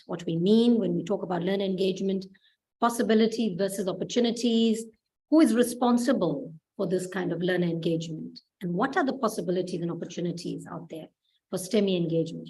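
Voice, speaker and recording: A woman's voice: medium pitch, a little mellow, rough recording. South African woman presenting at a conference.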